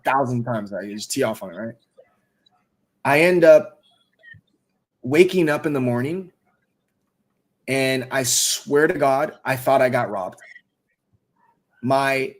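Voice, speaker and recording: Slangy, profane man telling a wild story. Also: medium pitch. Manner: profane slang-heavy storytelling, calls listeners bro and dog. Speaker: host of a live audio space. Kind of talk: casual storytelling chat.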